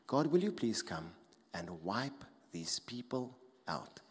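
Pastor preaching in a reverberant hall. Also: male voice, medium pitch, slow pace, slightly rough. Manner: animated, acts out mocking voices with swings in loudness. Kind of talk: sermon. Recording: long reverb of a large hall.

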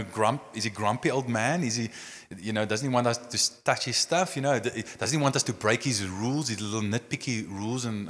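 Man preaching a sermon in a reverberant church hall. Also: medium pitch. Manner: animated storytelling, acting out scenes; frequent "I mean" and "you know" fillers.

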